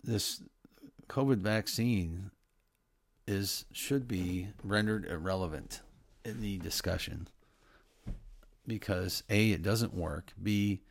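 A middle-aged man giving casual Christian commentary, earnest and preachy, often pausing and restarting his sentences. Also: on the low side.

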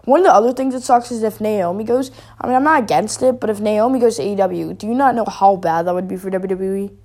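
A woman's voice: medium pitch, quick pace, a little mellow. A woman giving a rambling, casual opinion rant as a wrestling vlogger, full of fillers and restarts.

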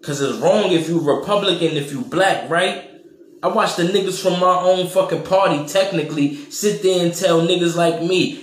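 A man rants through a solo podcast, profane and animated. His voice sits a little high, and the recording carries a roomy echo. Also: normal speed. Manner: profane, animated, slangy, mocking quoted voices. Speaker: podcast host. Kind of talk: casual monologue rant.

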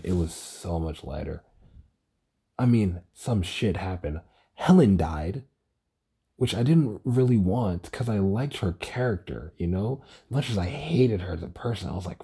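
A man's voice: sits low, mellow, slightly rough. A young man talking casually on his own podcast, tired, stuttering and swearing as he rambles. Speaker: podcast host. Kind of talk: casual solo podcast about a TV show.

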